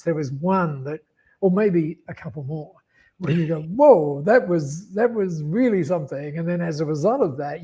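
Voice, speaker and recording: A man's voice: a little high, warm tone, breathy edge. An Australian man, a guest in an interview, telling a long story and acting out both sides of a conversation, with many restarts. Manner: rambling, with frequent restarts and acted-out dialogue. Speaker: guest speaker.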